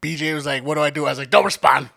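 A man's voice: a little high, little pitch movement, very fast, creaky, a bit bright. A young man co-hosting a podcast, telling a story in casual chat with a joking, laid-back manner. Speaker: podcast co-host.

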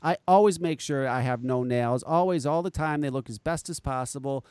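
A man hosting a podcast in casual chat, an animated storyteller who swears freely. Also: fairly quick, clear, resonant tone, no room sound. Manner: animated, swearing storyteller with lively pitch swings. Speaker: podcast host.

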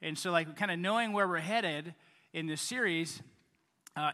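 A man's voice: sits high, normal speed, sharp tone, big-room sound. A male pastor giving a casual, joking sermon to his congregation and acting out little everyday scenes for the kids. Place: church hall.

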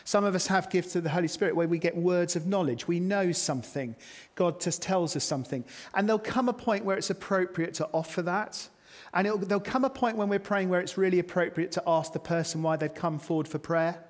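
A man's voice: sits high, fairly quick. A man preaching a sermon to his congregation, chatty, with self-mocking asides. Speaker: pastor. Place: church hall. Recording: long reverb of a church hall.

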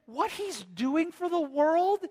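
A preacher voicing a churchgoer who swoons over a false messiah and is close to tears. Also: male voice, extremely high pitch, sing-song, takes it slowly, darkish tone, pitched above the performer's own voice, exaggerated voice. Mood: gushing.

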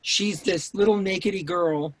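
Over a remote call, a writer-director guest on an interview podcast tells stories with intensity, swearing and restarting his sentences. His voice is high and his pace moderate, with crowd noise in the background.

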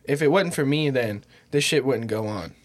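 A man's voice: mid-range voice, animated, moderate pace. A man hosting a casual podcast from a small bedroom closet, cracking crude jokes and teasing his guest. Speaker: podcast host.

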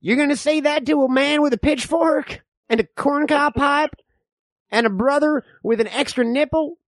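A man voicing a nosy, rambling, bigoted old frontier man who talks in slow, folksy slang. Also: very high-pitched, no room sound, studio quality, voice pushed up. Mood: boastful.

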